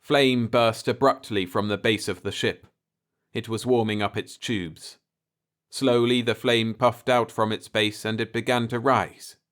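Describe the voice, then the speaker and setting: A calm male storyteller reading a bedtime story aloud. He reads very slowly at an ordinary middle pitch, letting each phrase settle. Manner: calm and unhurried. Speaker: narrator.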